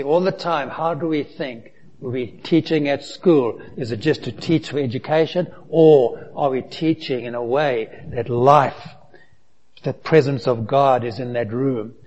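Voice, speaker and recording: A man's voice: mid-range voice, a little mellow, lo-fi sound. A man preaching a sermon, asking the congregation rhetorical questions and reading aloud from scripture. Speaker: pastor.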